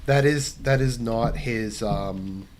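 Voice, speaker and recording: A young man plays a strategy game and casually answers viewer questions, rambling, restarting sentences, and using lots of fillers. His voice is medium-pitched, slow, and slightly mellow, with a faint hiss or hum in the background.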